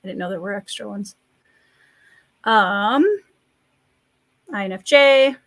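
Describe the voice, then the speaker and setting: A woman's voice: mid-range voice, slow pace, fairly bright tone, no echo. Chatty woman with a Minnesota accent. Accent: Scandinavian Midwestern American. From rural Minnesota, US. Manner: chatty, laughs often, reads out viewer comments. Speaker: livestream host and writer. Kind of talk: relaxed live-stream chat.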